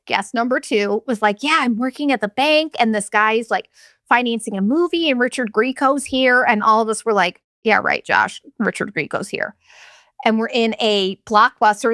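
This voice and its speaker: A woman in her forties from Arizona hosts a casual solo podcast, telling rambling, profane, jokey stories. Her voice is a little high with a fairly bright tone, recorded at studio quality with no room sound.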